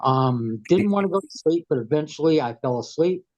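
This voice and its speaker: A man's voice: fairly high pitch, expressive, normal speed, darkish tone. A man with a head cold, a podcast guest telling his story in a plain-spoken, rambling way. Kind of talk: casual storytelling. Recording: dull, lo-fi sound.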